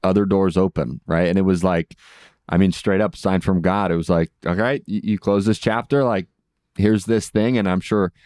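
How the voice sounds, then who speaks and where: Male host, chatty, laughs easily; smooth, lowish voice, dry close sound. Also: fairly even intonation, normal speed, a little mellow, no room sound. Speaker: interview host. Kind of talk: casual interview.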